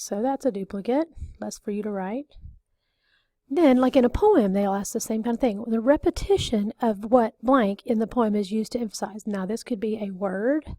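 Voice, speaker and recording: Woman teacher, mid-high and mellow, patient and repetitive, dry close recording. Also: no room sound. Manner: explains patiently, repeats and rephrases, frequent okays. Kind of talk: recorded classroom lesson.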